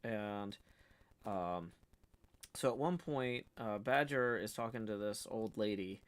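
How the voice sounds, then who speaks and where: A man's voice: on the low side, slow. A man chatting casually on a livestream, rambling through stories with many fillers and restarts. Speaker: streamer co-host.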